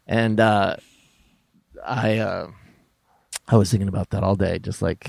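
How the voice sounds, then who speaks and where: A man with a lowish voice tells a rambling, profane anecdote as a podcast guest. His sound is dry and close. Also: fairly even intonation, measured pace, gravelly, long pauses, a little mellow, no room sound. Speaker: comedian guest. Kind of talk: casual podcast chat over video call.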